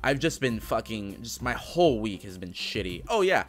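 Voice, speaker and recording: A man's voice: lowish voice, lively intonation, moderate pace, soft background music. A young man ranting casually in a vlog, swearing a lot, with an exasperated, sarcastic manner. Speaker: vlogger.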